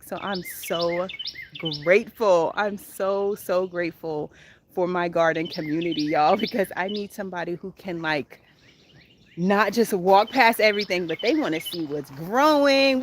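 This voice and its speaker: A woman's voice: mid-range voice, background noise. A woman in her thirties hosting a spontaneous live chat from her home garden outdoors, bubbly, laughing often and greeting viewers as they join. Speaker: gardening livestream host. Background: birdsong.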